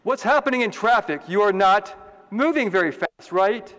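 A man's voice: high-pitched, lively intonation, moderate pace, a bit bright, big-room sound. A man, a priest, giving a homily in a conversational, joking way and asking the congregation questions.

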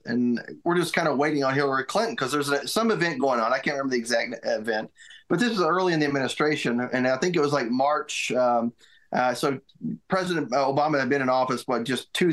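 Halting middle-aged man telling a story. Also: medium pitch, fairly bright tone. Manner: halting, many restarts and repeated words. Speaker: guest, former White House military aide. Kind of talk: casual interview storytelling.

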